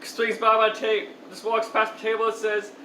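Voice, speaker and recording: A woman's voice: on the high side, monotone, moderate pace, pushed and bright, echoey room, a little hiss or hum, poor audio. A young woman vlogger tells a story to the camera, laughing often and swearing as she goes. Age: young adult. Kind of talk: storytime vlog.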